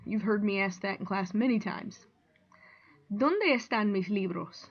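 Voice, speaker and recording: A woman Spanish teacher explaining grammar in a clear, deliberate way, reading out example sentences and translating them. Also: medium pitch, muffled recording. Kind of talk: recorded classroom lesson.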